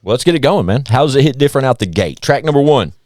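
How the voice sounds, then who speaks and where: A man's voice: mid-range voice, racing, no room sound, studio quality. A man hosting a casual podcast, hyping things up and swearing freely. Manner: hype, animated, swears freely. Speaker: podcast host.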